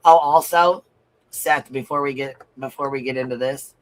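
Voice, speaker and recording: A man's voice: mid-range voice, steady tone, moderate pace, rough recording. A man giving blunt, profane livestream commentary, reading out viewer comments and repeating his points for emphasis.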